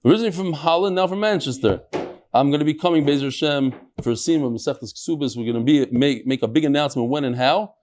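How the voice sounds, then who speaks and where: Animated middle-aged man teaching Talmud. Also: on the high side, fast. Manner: animated, jokey, switching between English and Hebrew-Aramaic terms. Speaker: Talmud class teacher and host. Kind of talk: lively Talmud lesson to a live group.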